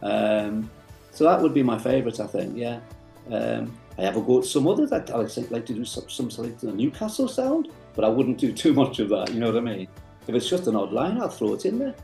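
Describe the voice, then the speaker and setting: A man with a Liverpool accent, a voiceover artist, speaking in a relaxed, rambling way with many fillers. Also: medium pitch, fairly quick, vocal fry, roomy sound, faint music behind. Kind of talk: casual interview talk.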